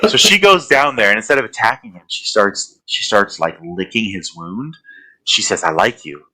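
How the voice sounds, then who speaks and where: Guy on a horror podcast rambling through a movie recap, lowish voice but really bright and punchy. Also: big pitch swings, normal speed, rough recording. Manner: rambling storytelling with fillers. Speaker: podcast co-host.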